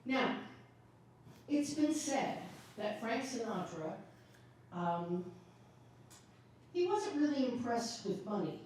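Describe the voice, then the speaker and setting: A woman's voice: on the high side, very animated, takes it slowly, long pauses, background noise. A woman singer telling an anecdote between songs at a live show, chatty, with asides to the audience. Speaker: singer and storyteller. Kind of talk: live concert patter. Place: library event room. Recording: echoey room from far off, music.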